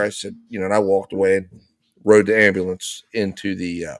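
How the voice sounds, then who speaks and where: A man's voice: lowish voice, fairly quick, no echo, studio quality. A man hosting a live legal talk show, telling a personal story in a casual way and acting out the quotes. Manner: animated storyteller, acts out quotes loudly.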